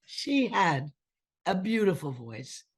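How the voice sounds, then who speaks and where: Husky older woman telling stories. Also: lowish voice, takes it slowly. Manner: animated storyteller who acts out quoted voices. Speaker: guest actress. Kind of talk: casual interview chat.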